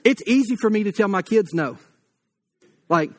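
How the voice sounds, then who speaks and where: A man's voice: sits high, animated, moderate pace. A man preaching a blunt, conversational sermon with humor, likely in his thirties, acting out quoted voices along the way. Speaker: pastor.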